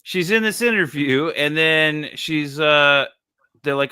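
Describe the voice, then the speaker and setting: A man with a bright, forceful voice chats casually about comics and laughs easily, often restarting his sentences. His voice sits in a middle range. The sound is dry and close, with no room echo. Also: on the high side, slow, smooth. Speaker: podcast co-host reviewing comics. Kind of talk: casual chat.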